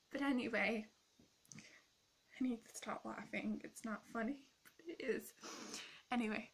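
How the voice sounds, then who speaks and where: A snarky, rude young woman with a gravelly, husky voice, as a woman puts her on. She is blunt and sarcastic, swears freely, and mocks everything around her in a comic role-play vlog rant. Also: on the high side, takes it slowly, long pauses, exaggerated voice.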